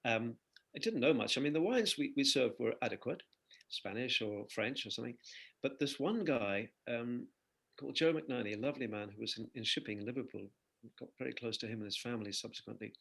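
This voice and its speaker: Older male guest, animated anecdotal storyteller, rough gravelly voice. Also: medium pitch, fairly quick. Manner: animated anecdotal storyteller, laughs between phrases. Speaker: singer-songwriter guest. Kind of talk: conversational interview storytelling.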